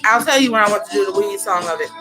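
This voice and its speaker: A woman's voice: mid-range voice, lively intonation, racing. A woman hosting a casual livestream, chatting loosely, swearing freely and reacting to songs as they play. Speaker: livestream host. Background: loud music playing.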